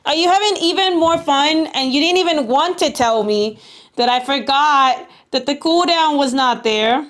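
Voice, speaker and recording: A woman's voice: high-pitched, a bit bright. A young woman livestreaming, talking casually to her chat in a rambling, exasperated way with lots of fillers. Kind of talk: casual live stream chat.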